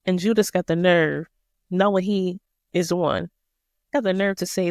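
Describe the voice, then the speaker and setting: A woman hosts a podcast, taking listeners through a Bible passage in a casual, slangy and emphatic manner. Her voice is on the low side, a little mellow, with a steady tone and moderate pace, recorded dry with clean studio sound.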